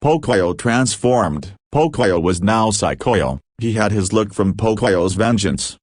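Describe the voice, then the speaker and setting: A man with a fairly low voice reads his homemade horror fan story aloud in a flat, even way. The sound is close and dry, with almost no room around it. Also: unhurried, few pauses, dry recording. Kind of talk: amateur fan-story narration.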